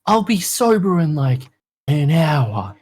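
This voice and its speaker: His voice a little high, slow and edged with breath, a young Australian podcast guest in his twenties relates stories casually. He gets animated, curses often and impersonates the people he describes.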